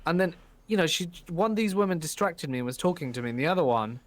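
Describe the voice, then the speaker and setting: A man in his thirties from the UK, a guest in a casual chat, telling a story in an animated, rambling way with many restarts. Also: on the high side, quick pace, no room sound. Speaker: podcast guest.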